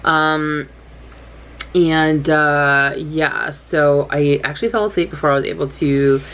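Casting: young woman, casual home vlogger, low voice, faint room hum, rambling, self-mocking. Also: fairly even intonation, slow, fairly bright tone. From California. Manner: rambling, chatty, self-deprecating. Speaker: writing vlogger. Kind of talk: casual vlog chat. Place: bedroom at home, in doors.

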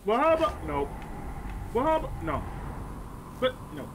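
A man joking around with friends during a game stream, animated and swearing. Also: extremely high pitch, a little fast, creaky, background noise. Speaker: co-player on a stream. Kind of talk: casual game chat.

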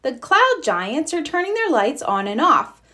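A woman's voice: sits high, very animated, a little slow, pushed and bright, pitched above the performer's own voice, full character voice. A woman voicing a playful, daring young hawk in a storybook read-aloud.

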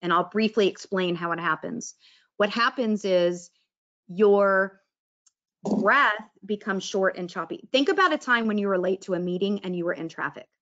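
A muffled recording captures a woman giving a relaxed talk on mindfulness and breathing. Her medium-pitched voice is a bit bright and moderately paced, and she chats along while acting out quoted inner voices.

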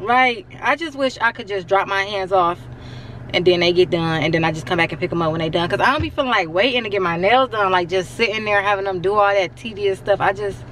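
A woman's voice: medium pitch, fairly bright tone, slight background noise. A young woman talking casually to her viewers in a vlog, chatty and always calling them y'all. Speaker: vlogger. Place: in her car, later at home. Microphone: handheld camera mic.

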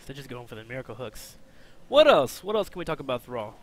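Playing a video game, a man chats briskly and pokes fun at himself, his voice jumping from excited outbursts to quiet mumbles.

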